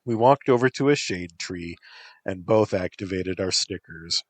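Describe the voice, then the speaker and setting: A man reading a first-person story aloud in a deadpan, unhurried way. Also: sits low, husky, no room sound. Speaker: narrator.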